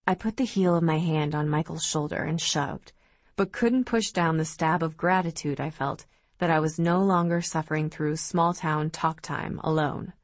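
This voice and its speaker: A woman reads a novel aloud in the first person, with steady, even storytelling. Her voice sits on the lower side, and the recording is dry and close, with no room around it. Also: moderate pace, no room sound. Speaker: audiobook narrator. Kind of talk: first-person audiobook narration.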